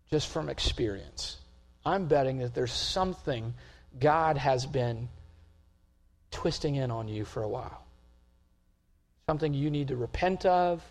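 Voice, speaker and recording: A male pastor preaching a sermon, moving from calm, measured talk to loud, emphatic stretches. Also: on the high side.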